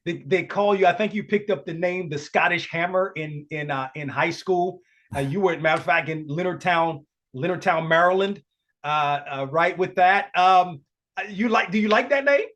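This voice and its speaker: A man's voice: sits high, moderate pace, a bit bright. A man hosting a podcast interview who stumbles and repeats words as he asks his questions. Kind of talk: casual interview.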